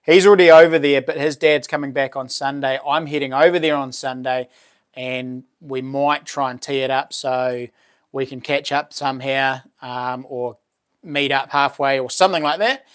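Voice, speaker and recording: A man's voice: mid-range voice, fairly even intonation, normal speed. A man with a New Zealand accent hosting a casual live stream, chatting with viewers and reading out their comments in a laid-back, friendly way.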